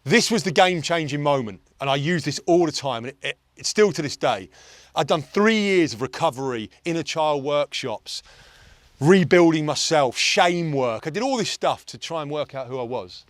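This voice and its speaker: A man's voice: fairly high pitch, animated, moderate pace, no echo. Forties guy coaching type, intense and blunt, swears a bit, dry close mic. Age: 40s. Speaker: performance coach. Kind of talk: casual chat. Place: golf course outdoors.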